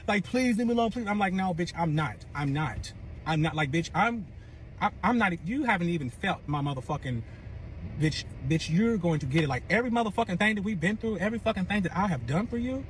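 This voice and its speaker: A man with a high voice rattles through a messy personal saga at speed, swearing freely and acting out every quoted line. Faint noise sits under the recording. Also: a bit bright. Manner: profane, dramatic, acts out quotes. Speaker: storyteller in a clip. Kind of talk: animated storytelling.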